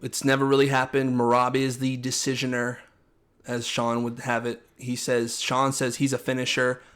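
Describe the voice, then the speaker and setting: Young guy co-hosting, talks fast and opinionated, breaks into little impressions of what coaches said. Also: medium pitch, completely flat delivery, fairly bright tone, smooth. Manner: fast, opinionated, acts out coaches' lines in quotes. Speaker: podcast co-host. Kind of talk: casual chat.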